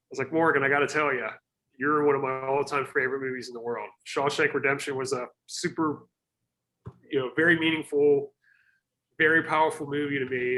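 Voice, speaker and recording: A man's voice: medium pitch, pushed and bright. A man talking casually as a guest over a video call, hesitant, with many restarts and fillers, earnest in tone. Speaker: podcast guest.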